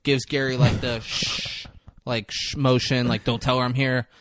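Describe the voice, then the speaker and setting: A man's voice: mid-range voice, no echo, studio quality. A man co-hosting a casual podcast, recapping a film scene by scene and acting out bits of dialogue. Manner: animated, acts out scenes in quick voices. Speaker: podcast co-host. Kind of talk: casual movie recap chat.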